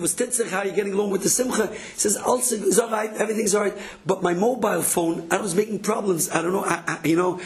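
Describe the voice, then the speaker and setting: Guy, animated storytelling sermon, does the voices of the people in his stories. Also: high-pitched. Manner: animated, acts out quoted voices, repeats words. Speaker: inspirational speaker. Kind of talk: storytelling Torah talk.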